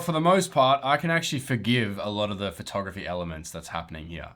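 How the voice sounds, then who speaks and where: A man with a fairly low voice gives casual running commentary while editing photos. He is blunt and profane and mocks what he sees. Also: a bit bright. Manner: blunt, profane, mocking humor; laughs at own jokes. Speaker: photographer roasting viewer photos.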